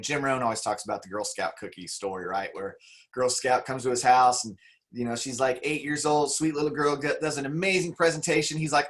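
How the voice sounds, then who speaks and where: A man's voice: medium pitch, a little fast, a bit bright. A man leading a motivational talk on a video call. He speaks in a conversational, enthusiastic way and acts out the quotes he tells.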